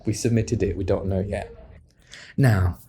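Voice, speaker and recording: A man co-hosting a student podcast in casual chat, relaxed and quick to laugh, with hesitant fillers when he explains research. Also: fairly low pitch, slight background noise. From half French. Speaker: podcast co-host.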